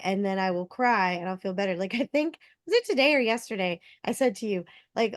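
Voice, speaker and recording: A woman's voice: mid-range voice, a little fast. A woman with a mid-range voice chats candidly and loosely, full of "like"s and acting out what she said to herself. Her voice sounds close and dry, with little room echo. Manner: chatty and candid, with many likes and acted-out quotes. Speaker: discussion participant. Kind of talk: casual chat.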